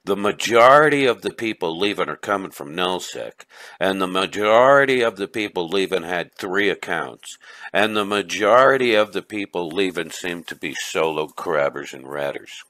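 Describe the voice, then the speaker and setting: A man's voice: low voice, lively intonation, normal speed, bright, forceful tone, no room sound. A man doing a brash, rambling buddy. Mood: boisterous. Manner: rambling, stammering, boisterous. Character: brash chatty middle-aged man named Vinny. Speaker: caller leaving a message for a friend. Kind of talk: comedic voice message monologue.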